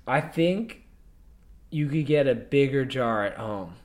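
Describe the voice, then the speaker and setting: A man's voice: mid-range voice, animated, slow pace. A man co-hosting a podcast, rambling casually with restarts and the odd swear word. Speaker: podcast co-host. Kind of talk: casual chat.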